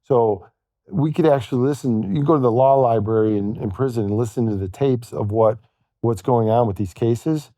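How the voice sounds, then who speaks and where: A man telling a long personal story as a podcast guest, halting and quoting what others said to him. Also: medium pitch, dark tone, dry recording, studio quality. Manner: halting, retells events with quoted dialogue. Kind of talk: storytelling in conversation.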